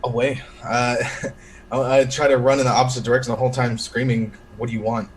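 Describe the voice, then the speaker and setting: A man's voice: mid-range voice, little pitch movement, a little fast, slight background noise, low-quality recording. A man playing a tabletop role-playing game, describing what his character does with hesitations and restarts. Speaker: player.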